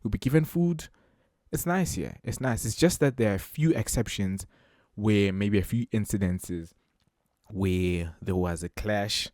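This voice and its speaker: South african guy, fairly low voice, chatty reaction commentary, dry close sound. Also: measured pace, darkish tone, dry recording. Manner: chatty, repeats himself, many fillers. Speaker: reaction video host. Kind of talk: casual commentary.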